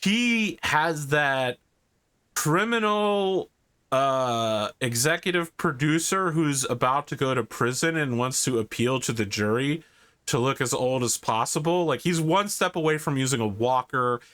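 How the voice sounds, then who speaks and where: A man's voice: mid-range voice, unhurried, a bit bright, smooth. A man running a tabletop game as game master, describing scenes loosely with many fillers.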